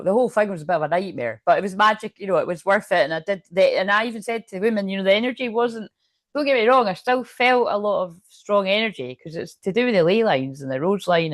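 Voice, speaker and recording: A woman's voice: lowish voice, dry recording, clean studio sound. A woman with a Scottish accent giving a rambling, chatty tarot reading to her viewers from her room at home, swearing freely as she talks. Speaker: tarot card reader.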